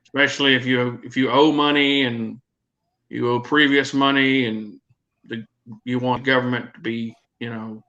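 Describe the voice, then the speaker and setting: A man's voice: medium pitch, fairly even intonation, moderate pace, sharp tone. A man hosting a podcast in casual chat, hesitant, with many restarts. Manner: hesitant, restarts before making a point. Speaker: podcast host. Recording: dull lo-fi sound.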